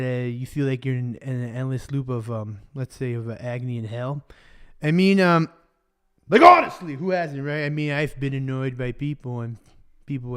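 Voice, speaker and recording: Mixing Spanish and English, this young livestream preacher keeps things casual, chatty and jokey, with plenty of loose fillers. His mid-range voice is clean and fairly bright.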